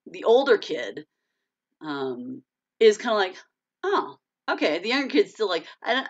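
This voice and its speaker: Chatty woman in her 40s doing a live chat, bright voice, bouncy pitch, laughs a lot. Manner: chatty, laughs often, answers viewer comments. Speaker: author hosting a live chat. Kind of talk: casual live-stream chat.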